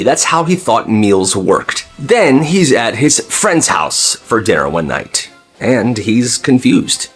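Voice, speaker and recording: A young man tells stories in a bouncy, chatty way, his voice swinging up and down with energy. He laughs as he goes and slips into the characters' voices. His tone is slightly breathy over faint background music. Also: mid-range voice. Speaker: storyteller. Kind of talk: animated storytime narration.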